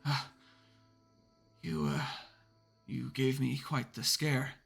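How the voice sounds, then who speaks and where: A man voicing a gruff middle-aged sailor who speaks hesitantly and stammers. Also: medium pitch, little pitch movement, slow, a bit bright, heavily acted. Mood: nervous.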